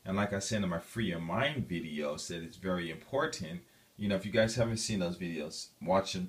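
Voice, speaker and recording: A man speaks in a very deep, low register as he tells a personal story to his viewers. He rambles and restarts, filling pauses with "um" and "you know". His delivery is casual and animated. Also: distant mic. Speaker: vlogger telling a personal story.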